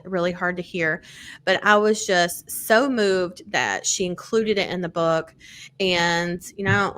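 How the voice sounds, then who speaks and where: A woman hosting a podcast, casually reviewing books with lots of fillers, easy swearing and excited storytelling. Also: lowish voice, clear, resonant tone. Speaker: podcast host. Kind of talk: casual book-review chat.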